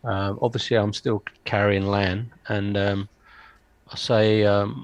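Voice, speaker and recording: A man at a tabletop game who speaks in a polite, hesitant way, filling gaps with ums. His mid-pitched voice has a gravelly grain and sounds close and dry. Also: flat delivery, slow pace, no echo. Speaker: player. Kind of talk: tabletop role-play, speaking in character.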